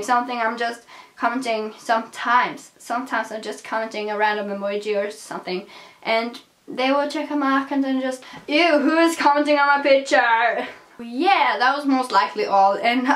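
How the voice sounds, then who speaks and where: A woman's voice: a little high, a bit bright. A young woman with a non-native accent, chatting in a casual vlog, hyper, giggly and rambling. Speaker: vlogger. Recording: echoey room.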